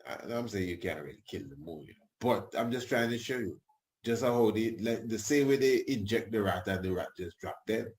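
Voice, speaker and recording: Brief: male radio talk host, low register, loose colloquial rambling delivery. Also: expressive, brisk, a little mellow. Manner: rambling, colloquial, chuckles asides.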